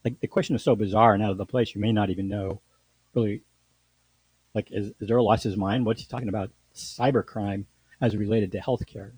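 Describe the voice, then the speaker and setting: A man's voice: lowish voice, fairly even intonation, fairly quick, darkish tone, breathy edge, dry recording, low-quality recording. A man, a podcast host and lawyer, telling a story in a casual monologue with lots of restarts and fillers.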